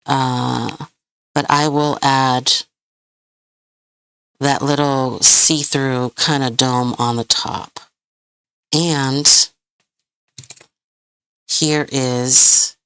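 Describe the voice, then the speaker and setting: A woman hosts a live craft tutorial from home, chatting with viewers and often hunting for the right word. Her voice sits low and moves at an unhurried pace. The sound is dry and close. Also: fairly even intonation, gravelly, a bit bright, no echo. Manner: chatty, rambling, hunts for words, laughs often. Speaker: crafting channel host.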